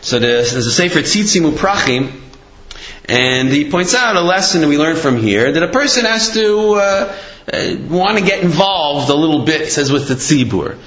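A man's voice: a little high, animated, normal speed, a bit bright. Man, Torah class, conversational, many fillers, roomy echo, muffled sound. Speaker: Torah teacher. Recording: roomy, dull-sounding recording.

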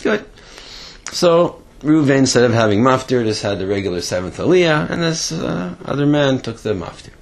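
A man, casually telling a story with halting restarts and a voice that jumps high on quoted lines. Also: big pitch swings, vocal fry.

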